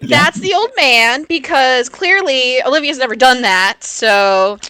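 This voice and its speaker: A woman's voice: high-pitched, a little slow, sharp tone, dry recording. A woman playing a tabletop game, wry and exclaiming. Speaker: player. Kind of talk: tabletop role-play banter.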